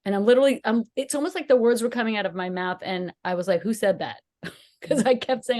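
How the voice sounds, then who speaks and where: A woman's voice: on the high side, quick pace, darkish tone. A woman co-hosting a podcast, telling a personal story in casual chat and acting out the quotes with animation. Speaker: podcast co-host.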